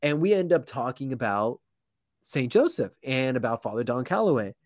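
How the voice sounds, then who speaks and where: A man's voice: mid-range voice, very animated, moderate pace, no room sound. Brief: young male guest, casual slangy storyteller, mid-range voice, dry close sound. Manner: slangy, lots of "like" and restarts. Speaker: podcast guest.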